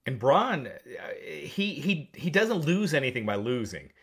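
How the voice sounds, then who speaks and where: A man on a casual wrestling podcast, giving blunt opinions with swearing and halting restarts. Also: a little high, very animated, a bit bright, husky. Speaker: podcast co-host.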